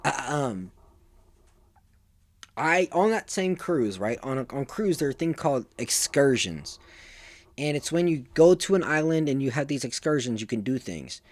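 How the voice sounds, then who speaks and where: A man's voice: mid-range voice, lively intonation, normal speed, no room sound. An eighteen-year-old man telling stories casually, rambling and full of fillers. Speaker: vlogger. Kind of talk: casual storytelling.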